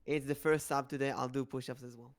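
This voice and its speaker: A woman with a low voice hosts a casual podcast. She teases her co-hosts and laughs easily. She leads the segments. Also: steady tone, brisk. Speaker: podcast host. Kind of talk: casual chat.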